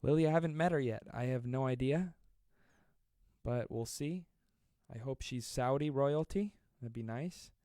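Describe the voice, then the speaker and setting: A man in his twenties hosting a live stream, reading viewer comments aloud and joking with a fast, self-deprecating manner. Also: medium pitch, mellow, no echo, studio quality. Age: 20s. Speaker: livestream host.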